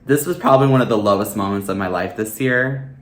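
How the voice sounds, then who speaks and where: A man with a fairly low voice speaks briskly in a personal vlog, reflecting on his year and offering advice. He's earnest, open and heartfelt, filling his speech with "like" and "you know," and the audio is reverberant.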